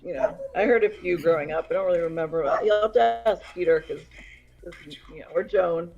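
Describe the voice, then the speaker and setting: A woman's voice: fairly low pitch, a little fast, gravelly, dark tone, highs cut off, soft background music. A woman in a casual group chat on a voice call, speaking in an offhand, laid-back way.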